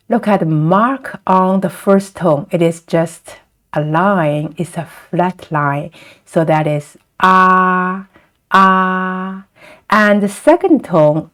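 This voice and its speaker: A woman with a Chinese accent, a native Chinese speaker teaching pronunciation patiently and drawing out each sound as she demonstrates it. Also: lowish voice. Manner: models sounds by drawing out vowels and tones. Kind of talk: slow, patient pronunciation lesson.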